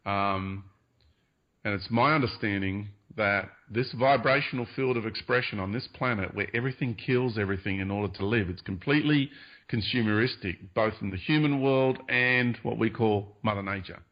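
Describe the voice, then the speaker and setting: A man with a low voice talks in an earnest, meandering way, hedging his claims and filling pauses with ums. The sound is dull and lo-fi, like an old radio recording. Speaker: guest. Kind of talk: spiritual interview talk.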